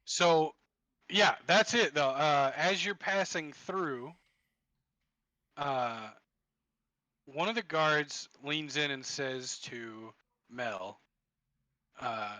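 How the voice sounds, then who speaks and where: A man narrating as game master for a tabletop game, describing scenes haltingly with many fillers. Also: fairly high pitch, bright, forceful tone, dry recording, poor audio.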